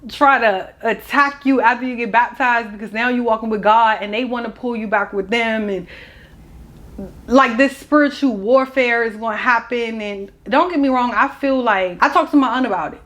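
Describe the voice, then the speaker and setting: A woman's voice: fairly high pitch, normal speed, a bit bright. A young woman, telling a personal story in a casual, candid and emotional vlog. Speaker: vlogger.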